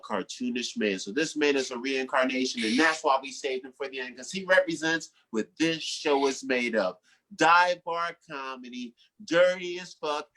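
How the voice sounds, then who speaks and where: Comedy host, mid-pitched voice, hyping the crowd, call and response, introducing the closer. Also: fairly bright tone. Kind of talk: live show emcee introduction.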